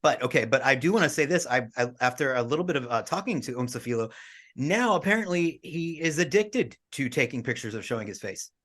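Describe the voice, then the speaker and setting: A man's voice: mid-range voice, animated, a little fast, fairly bright tone. Man co-hosting a casual podcast. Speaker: podcast co-host.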